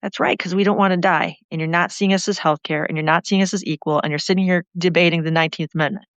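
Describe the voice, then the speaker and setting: A woman's voice: lowish voice, fairly even intonation, quick pace, fairly bright tone, no room sound. A woman talking about politics in a passionate, rambling way that keeps running on. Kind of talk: impassioned political talk. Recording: dull lo-fi sound.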